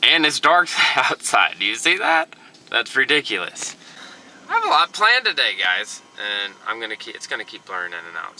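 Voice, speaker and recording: A man's voice: lowish voice, sing-song, fairly quick, pushed and bright, a little hiss or hum, poor audio. A young man, vlogging an earnest, repetitive motivational talk to his viewers while out and about. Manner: earnest, preachy, repeats himself. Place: driving around town and at the gym.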